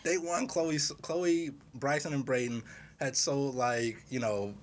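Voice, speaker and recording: A man in casual chat, telling a story with lively quoted dialogue and laughter. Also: medium pitch, measured pace, a little hiss or hum.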